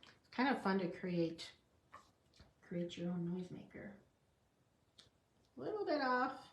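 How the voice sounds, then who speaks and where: Slow, gravelly-voiced woman crafting. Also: lowish voice, animated, reverberant. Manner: chatty, talks to herself while working, small laughs. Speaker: card-making demonstrator. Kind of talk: casual stamping tutorial.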